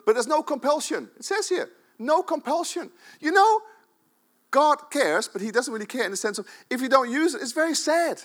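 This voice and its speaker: A pastor from the Netherlands, preaching a sermon in a church, swinging between loud, emphatic urging and quiet asides. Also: male voice, extremely high pitch, expressive, normal speed.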